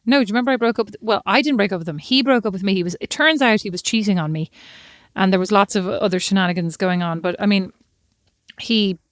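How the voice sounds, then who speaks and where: An Irish woman co-hosting a podcast in casual chat, playful, laughing often and telling lively stories. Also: medium pitch, quick pace, dry recording, studio quality. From Ireland. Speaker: podcast co-host.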